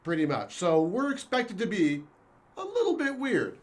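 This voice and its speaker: A man's voice: high voice, normal speed. A man hosting an improv comedy show, bantering playfully with his co-host. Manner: playful, animated.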